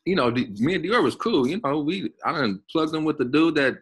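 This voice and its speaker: A man's voice: fairly high pitch, lively intonation, a little fast, husky. A man, a pro basketball player, telling loose, slangy stories as a podcast guest, swearing freely and repeating himself. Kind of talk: casual storytelling.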